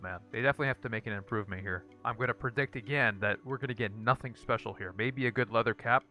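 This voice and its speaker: Male gaming host, bright tense tone, dry repetitive verdicts, faint music underneath. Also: lowish voice. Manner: repeats one-word verdicts in a dry, flat way. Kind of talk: casual gameplay commentary.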